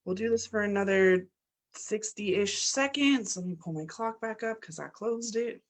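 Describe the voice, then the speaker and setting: A woman leading a guided breathwork class, coaching in an energetic, blunt manner with the odd swear word and chanting affirmations that build in force. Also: medium pitch, normal speed. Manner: chants affirmations, pushes louder toward the end. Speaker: breathwork and meditation leader.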